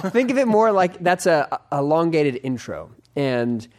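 A man's voice: fairly high pitch, sing-song, slow, darkish tone. A man co-hosting a podcast in casual banter, joking and rambling with lots of fillers. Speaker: podcast co-host.

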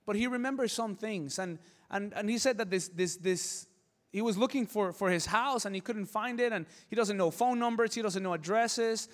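A man's voice: high-pitched, moderate pace, big-room sound. A man preaching a sermon with passion, repeating words for emphasis and telling stories. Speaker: pastor.

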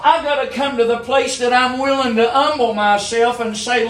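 A man's voice: very high voice, fairly even intonation, moderate pace, few pauses, a bit bright. A man preaching a sermon in a fervent, repetitive cadence.

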